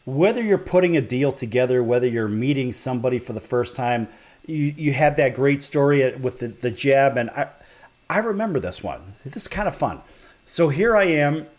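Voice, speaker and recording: A man from the Chicago area hosting a broadcast talk show, telling a story in an animated, chatty way. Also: medium pitch, normal speed.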